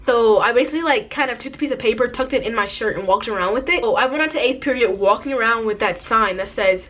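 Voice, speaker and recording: A woman's voice: on the high side, quick pace, a bit bright. Chatty teen girl telling a story. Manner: chatty, many "like" fillers, laughs easily. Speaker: vlogger. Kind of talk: casual storytime.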